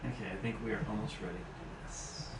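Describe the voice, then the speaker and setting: A man's voice: fairly low pitch, fast. Joking man working on a PC. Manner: relaxed, joking, talks while working on a PC. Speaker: tech YouTuber host. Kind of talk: casual live stream chat while working. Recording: echoey room, distant mic, background noise.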